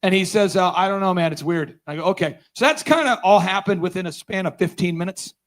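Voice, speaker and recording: A man's voice: sits high, fast talker. A man giving a storytelling talk at a conference, acting out the dialogue he quotes. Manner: animated, acts out quoted dialogue. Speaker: conference speaker.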